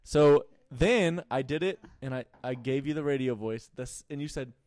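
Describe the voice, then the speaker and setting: A man's voice: mid-range voice, normal speed, dry recording. A man hosting a podcast in a small home studio, joking and interrupting in a casual chat. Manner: lively, joking, interrupts often. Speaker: podcast host.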